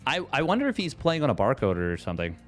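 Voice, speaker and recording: A man casting a live esports match in an easygoing, joking way, drifting between play calls and self-mocking asides. His voice sits at a middle pitch, with faint music playing behind him. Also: huge pitch swings, rapid-fire. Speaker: esports caster. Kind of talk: live casual game commentary.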